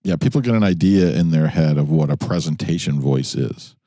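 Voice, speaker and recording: Deep, dark-voiced New York man. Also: animated, fairly quick, no echo, clean studio sound. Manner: rambling, laid-back talker with many you-knows. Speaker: podcast co-host. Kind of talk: profane casual chat in a car. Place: inside a jeep.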